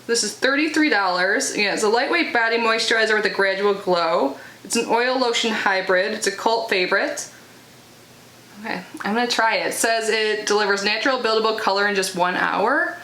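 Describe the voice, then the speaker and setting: A woman's voice: medium pitch, lively intonation, moderate pace, fairly bright tone. A young woman in casual unboxing chat, chatty and full of filler words as she reads out product blurbs. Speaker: unboxing vlogger. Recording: echoey room with faint noise.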